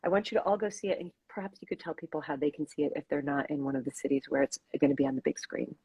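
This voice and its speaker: A woman's voice: sits low, rapid-fire, a little mellow, slightly rough, dry recording, low-quality recording. A woman hosting a casual live-stream chat, effusive and rambling, over a video call. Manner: effusive, gushing, loose and rambling. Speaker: host.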